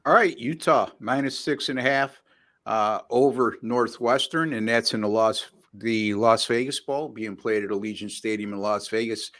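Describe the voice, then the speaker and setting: Male podcast host, mid-pitched, wry chatty banter between picks. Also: normal speed, a bit bright. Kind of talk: casual sports podcast chat.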